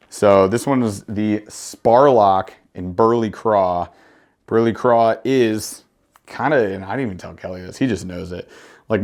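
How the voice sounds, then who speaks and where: A fishing vlog host talks through tackle in a loose, casual way. This man has a somewhat low voice and gets excited and jokey, dropping slang as he shows off each bait. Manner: enthusiastic, slangy, joking. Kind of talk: casual gear review.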